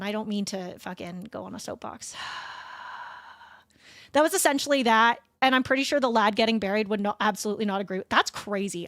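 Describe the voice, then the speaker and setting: A woman's voice: on the high side, fairly bright tone, dry recording, studio quality. A young woman streamer in casual chat, rambling, swearing and restarting her sentences.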